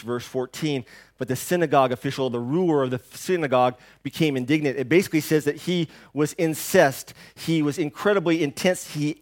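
A man preaches to his congregation in a somewhat high voice. He builds to loud emphatic lines, then sinks to near whispers. He keeps asking the listeners rhetorical questions as he goes. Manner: dynamic preaching, swings between hushed and loud. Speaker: pastor. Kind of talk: sermon.

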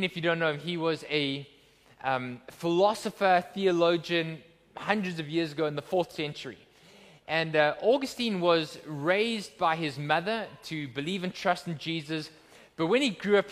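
A man's voice: high-pitched, fairly bright tone, big-room sound. A man preaching a sermon as pastor, earnest and emphatic, with rhetorical questions. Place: church.

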